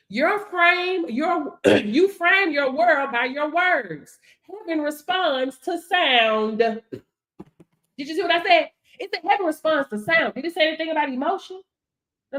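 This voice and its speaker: A woman with a high, bright-pitched voice delivers a motivational faith talk in a preacher-like style. She speaks emphatically, repeats her affirmations in a rhythmic chant and punctuates them with call-outs to her audience. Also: lively intonation, unhurried. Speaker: business coach.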